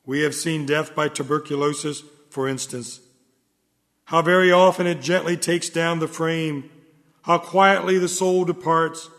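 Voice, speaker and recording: A man delivering a solemn sermon in a measured, earnest manner. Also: a little high, steady tone, fairly bright tone. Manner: solemn, measured, rises in fervor. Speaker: preacher. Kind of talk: sermon reading. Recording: long hall reverb.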